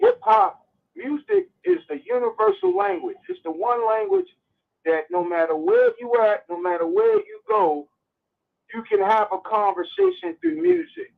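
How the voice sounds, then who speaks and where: High, lively male caller, gravelly, tinny phone line. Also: moderate pace. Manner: animated, stumbles and repeats words. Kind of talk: call-in radio commentary.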